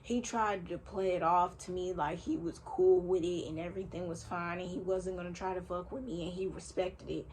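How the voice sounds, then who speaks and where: A young woman telling a personal story in a casual storytime vlog, animated and slangy, swearing freely, recorded at home on a phone or camera mic. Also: on the low side, moderate pace, few pauses, a little hiss or hum. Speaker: vlogger. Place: home room, vacuum running nearby.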